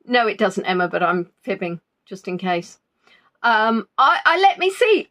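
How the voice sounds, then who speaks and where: A woman's voice: medium pitch, very animated, unhurried, sharp tone. Chatty woman rambling on a livestream. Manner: chatty, rambling, self-deprecating. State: not fully recovered from illness. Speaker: livestream host. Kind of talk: casual live-stream chat. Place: at home.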